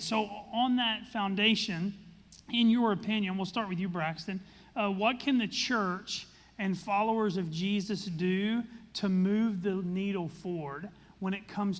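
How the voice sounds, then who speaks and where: Man, pastor, high voice, earnest conversational preaching, reverberant hall. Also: fairly bright tone. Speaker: pastor hosting a church discussion. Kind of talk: sermon and moderated panel.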